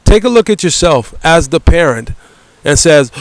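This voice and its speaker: A man's voice: on the high side, very animated, normal speed, dry recording, low-quality recording. A man ranting bluntly in a vlog, swearing constantly and repeatedly tagging his phrases with "bro.". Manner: profane, repetitive, ends phrases with "bro"; blunt and heated. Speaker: vlogger. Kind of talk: angry rant vlog.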